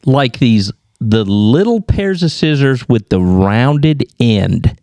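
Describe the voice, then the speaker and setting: A man's voice: mid-range voice, lively intonation, slow, warm tone, no echo. A man co-hosting a podcast, a former homicide detective, chatting with wry, playful interjections. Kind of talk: casual chat.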